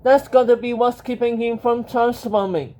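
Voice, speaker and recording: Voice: mid-range voice, steady tone, normal speed, dark tone, close to an everyday voice. A reader doing an eager, worried old man. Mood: urgent.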